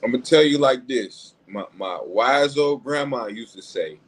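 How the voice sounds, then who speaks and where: A man in a casual sports chat who jokes around and waves off the topic, using dramatic pauses. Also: medium pitch, animated. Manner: dismissive, playful, dramatic pauses.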